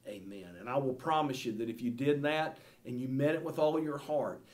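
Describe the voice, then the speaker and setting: A man's voice: medium pitch, brisk, darkish tone. Earnest preacher man. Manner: earnest, pleading, repeats words with many fillers. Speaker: Bible study teacher. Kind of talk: sermon-style Bible lesson.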